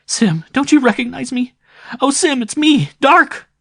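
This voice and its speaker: A man doing Dark, a shrieking old woman. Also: lively intonation, unhurried, gravelly, dry recording, clean studio sound, heavily acted. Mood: overjoyed. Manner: shrill, shrieking cries. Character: half-blind trembling old woman, shrieking.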